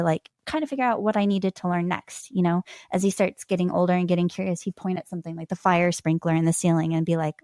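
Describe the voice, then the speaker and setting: Woman on a podcast, 30s, lowish voice, dry close mic, animated storyteller who laughs a lot. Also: no echo. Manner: animated, laughs often, acts out quoted voices. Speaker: podcast guest, language learner. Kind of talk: conversational interview storytelling.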